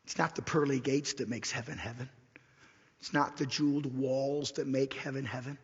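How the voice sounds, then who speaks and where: Male pastor, sermon delivery, raspy and gravelly, dull lo-fi sound, slows and whispers on key points. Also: medium pitch, steady tone. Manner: repeats key lines slowly for emphasis, drops to a whisper. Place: church sanctuary. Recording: dull lo-fi recording in a reverberant church hall.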